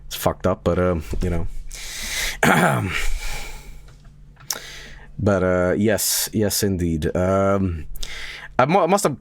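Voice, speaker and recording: A young man's loose, profane commentary as he talks over his own travel footage. His pitch leaps around with every punchline and aside, and he often laughs at his own stories. The sound is dry and close, with no room around it. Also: sing-song, takes it slowly, creaky, pauses often, dry recording. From from outside America. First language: Swedish. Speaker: streamer giving video commentary.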